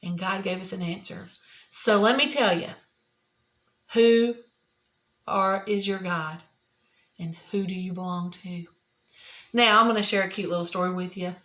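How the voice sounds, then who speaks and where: An older woman, sharing a personal devotional talk from her office in an earnest, repetitive, often soft-spoken way. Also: on the low side, brisk. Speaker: Christian video host. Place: private office at work.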